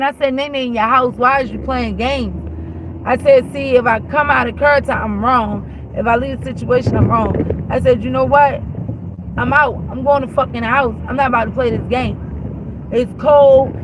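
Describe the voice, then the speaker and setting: A woman's voice: high-pitched, dull audio, background noise. A woman telling a long, exasperated story as a show host, acting out both sides of the argument and swearing freely. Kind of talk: animated storytelling rant.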